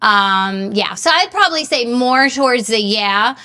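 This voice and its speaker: A woman in her thirties chats candidly on a casual podcast, with a bright, forceful tone. She talks openly and self-deprecatingly about her routines. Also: on the high side, animated, a little slow. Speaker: guest, strength training gym owner. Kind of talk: casual conversation.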